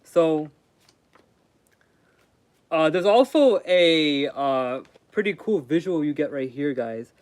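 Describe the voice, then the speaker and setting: Young man, casual livestream chatter, slangy and rambling, fairly high pitch. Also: lively intonation, slow, pauses often, no echo. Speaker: streamer reading aloud.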